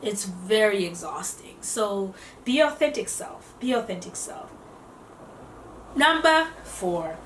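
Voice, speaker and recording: A woman giving casual self-development advice to camera, lively, acting out what other people say and laughing often. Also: mid-range voice, takes it slowly, slight background noise. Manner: animated, acts out quotes in voices, laughs often. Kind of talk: casual motivational talk to camera. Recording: echoey room, voice a bit off-mic.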